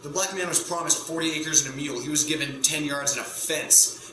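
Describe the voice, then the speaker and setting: A man's voice: a little high, fairly even intonation, fairly quick, hardly any pauses, bright, forceful tone. A man doing a stand-up routine to camera in front of a green screen, with a rambling, self-interrupting, provocative delivery. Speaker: stand-up comedian. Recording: echoey room with faint hum.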